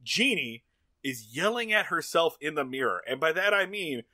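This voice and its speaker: A man co-hosts a comedy podcast, walking through an old sitcom episode in loose, joking chat. His voice is bright and a touch high, swinging widely in pitch, and it sits dry and close with no room sound. He breaks into loud, shouted character bits. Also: normal speed, dry recording. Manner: animated, bursts into loud shouted impressions. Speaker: podcast co-host. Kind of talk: casual comedic recap chat.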